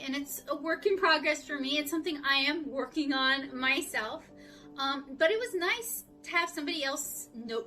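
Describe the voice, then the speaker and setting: A woman's voice: high-pitched, bright, forceful tone, far from the mic. Candid Southern woman vlogging from afar. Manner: candid, rambling, self-reflective. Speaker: artist vlogger. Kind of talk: casual talk to camera.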